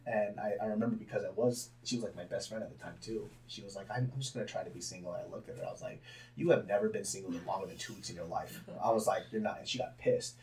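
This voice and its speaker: A young man with a fairly low voice talks through his own past in a relaxed interview. He is candid and swears freely, and he breaks into big bursts of laughter. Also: fast. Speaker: podcast guest, comedian. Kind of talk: casual storytelling interview.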